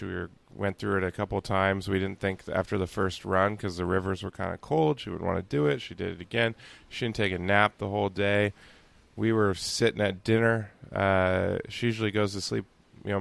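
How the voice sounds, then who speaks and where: A man's voice: sits low, gravelly. A man co-hosting a casual sports podcast, telling rambling stories with lots of fillers while on vacation and speaking from a hotel room. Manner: relaxed, rambling storytelling with frequent fillers. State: on vacation, upbeat. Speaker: podcast co-host.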